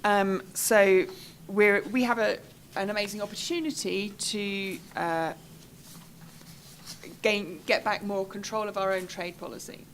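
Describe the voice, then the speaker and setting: A woman's voice: mid-range voice, steady tone, measured pace, a little hiss or hum. A woman, a trade representative giving a careful, explanatory answer on a conference panel. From United Kingdom.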